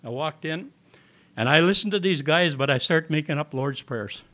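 A man's voice: fairly high pitch, animated, moderate pace, bright, forceful tone. An older man telling a personal testimony to an audience in a meeting hall, with plain folksy storytelling and acted-out dialogue. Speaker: recovery meeting speaker.

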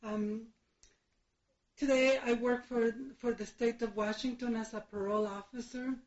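A woman in her fifties shares her recovery story in a slightly high voice, candid and quick to laugh, often stopping to restart a sentence. Her voice carries through a roomy hall on a dull, muffled recording. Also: fairly even intonation, a little mellow. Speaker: recovery speaker. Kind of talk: personal testimony speech.

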